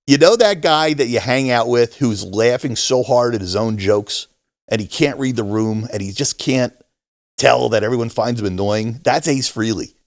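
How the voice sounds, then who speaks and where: A man's voice: moderate pace, no room sound, clean studio sound. A middle-aged man co-hosting a casual podcast, telling a story and acting out other people's lines with big jumps in his voice. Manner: animated storyteller, acts out quotes with big pitch jumps. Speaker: podcast co-host. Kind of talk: casual chat.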